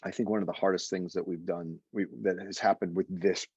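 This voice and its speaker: A man leading a guided meditation session, talking in an animated, emotional way. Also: a little fast, breathy edge, no room sound, muffled recording. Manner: animated and emotional, with sudden high exclaimed quotes. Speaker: meditation teacher.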